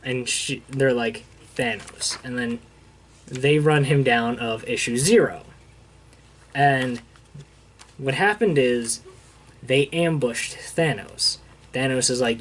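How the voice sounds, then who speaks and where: A man's voice: medium pitch, slow, pauses often, slight background noise. A young man casually recapping a comic book issue, rambling with fillers and acting out the characters' lines as he quotes them. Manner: rambling retelling with filler words and quoted dialogue.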